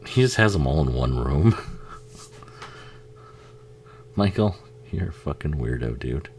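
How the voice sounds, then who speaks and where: A man's voice: a bass voice, lively intonation, moderate pace, darkish tone, slight background noise. A man giving a casual, rambling watch-along commentary on a film, swearing freely and laughing often.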